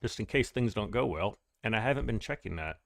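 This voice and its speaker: A man's voice: lowish voice, expressive, fairly quick, creaky, no echo, clean studio sound. A man hosting a live game stream, chatting casually to viewers, greeting them by name and rambling through restarts as he plays.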